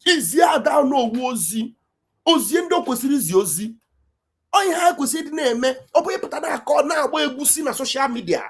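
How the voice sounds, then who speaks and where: A woman's voice: high-pitched, animated, fast talker. A woman with an Igbo Nigerian accent delivering an impassioned, accusatory political rant, raising her voice at times. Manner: fiery, accusatory, raises voice at times. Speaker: online political commentator.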